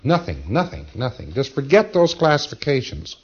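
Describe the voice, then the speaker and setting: A man's voice: medium pitch, wildly swooping pitch, normal speed, husky, muffled recording. A man giving a lecture to a class of trainees, emphatic and rambling, often repeating words and restarting. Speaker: lecturer to auditors. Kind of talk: recorded lecture.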